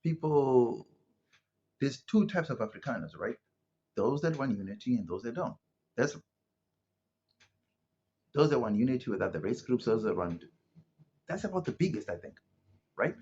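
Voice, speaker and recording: Male commentator from South Africa, husky and animated, casual chatty monologue, muffled lo-fi sound. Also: mid-range voice, normal speed, long pauses. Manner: conversational, rhetorical asides, frequent "right?" and "you know". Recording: muffled lo-fi audio.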